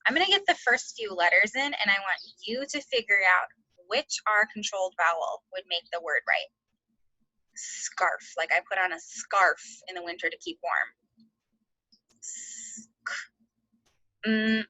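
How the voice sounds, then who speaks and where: A woman teaching an online phonics lesson to second graders, sounding out letters slowly and encouraging the class. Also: mid-range voice, lively intonation, pushed and bright, dry recording, rough recording.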